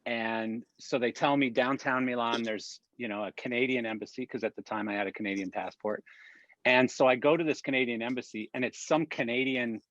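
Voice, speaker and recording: Animated man telling a story on a video call. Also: medium pitch, a little fast, no room sound, muffled recording. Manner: animated, rambling, with restarts. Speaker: production industry guest. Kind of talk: casual storytelling.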